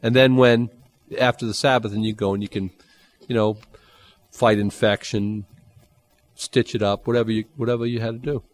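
A man preaching a Bible-teaching sermon, conversational and animated, with dry humor and sudden jumps in pitch. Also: moderate pace, pauses often. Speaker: pastor.

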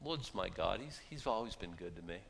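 A man preaching a chatty, self-deprecating sermon, swinging from hushed asides to loud bursts. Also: low-pitched, expressive, fairly quick, gravelly, long reverb tail, a little hiss or hum. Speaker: pastor. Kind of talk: casual sermon.

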